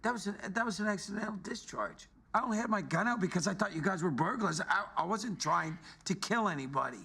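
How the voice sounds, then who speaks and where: A raspy, defensive film suspect. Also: male voice, high-pitched, expressive, quick pace, pushed and bright, heavily acted. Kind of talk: film dialogue.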